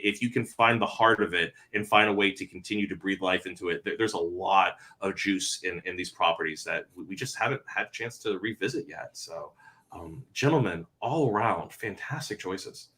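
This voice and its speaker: A man's voice: low voice, bright, forceful tone. A man hosting a casual online panel chat, rambling and heartfelt, stammering through frequent restarts. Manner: heartfelt and effusive. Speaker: panel host.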